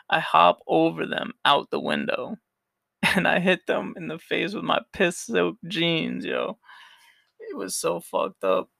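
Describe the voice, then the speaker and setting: A man's voice: fairly high pitch, gravelly, pushed and bright, no echo, clean studio sound. A young man hosting a solo podcast who tells a story in a rambling, profane way and laughs often. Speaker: podcast host.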